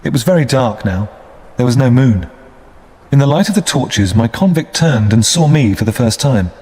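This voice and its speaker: A man narrating a storybook for English learners in a clear, measured way. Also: mid-range voice, animated, darkish tone. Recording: long hall reverb.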